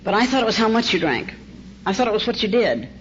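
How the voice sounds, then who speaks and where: A woman's voice: mid-range voice, very animated, fast talker. An older woman from California tells her own recovery story to a meeting. She is wry and self-mocking, and she acts out the dialogue as she goes. The sound is dull, with a faint tape hiss underneath. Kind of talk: personal testimony told to an audience. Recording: muffled old cassette tape with faint hiss.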